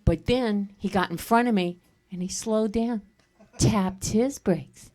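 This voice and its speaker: A middle-aged woman doing a stand-up comedy set on a stage, telling animated stories and breaking into laughter. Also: medium pitch, slow. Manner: animated storytelling with bursts of laughter. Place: comedy stage at a live fundraiser.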